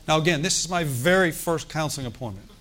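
A man pastor telling a story in a sermon, animated, with asides and quoted dialogue. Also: fairly high pitch, fast.

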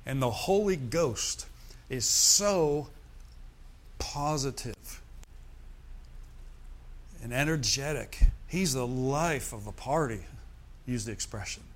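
A man's voice: medium pitch, expressive, slow, pauses often. A middle-aged man preaching a sermon, with "amen" and "hallelujah" thrown in to the congregation. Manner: preaching with call-and-response asides. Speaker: pastor.

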